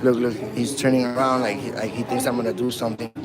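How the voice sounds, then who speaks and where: A loud crowd surrounds this first amendment auditor as he livestreams a street confrontation on a handheld phone outdoors in a city, baiting police with slangy provocations. He speaks fast in a mid-range voice with a level tone.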